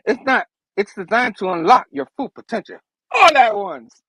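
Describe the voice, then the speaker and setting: A man's voice: high-pitched, sing-song, moderate pace, pushed and bright, slightly rough, dry recording, pitched above the performer's own voice, exaggerated voice, low-quality recording. A man voicing a cocky young male villain-turned-hero with a smug, taunting delivery.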